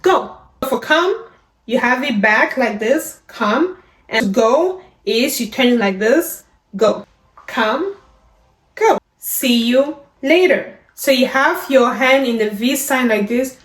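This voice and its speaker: Taking it slowly in a fairly high, expressive voice, a woman gives step-by-step sign language instruction. She speaks each word, then describes how the hands move, in an echoey space with faint music playing.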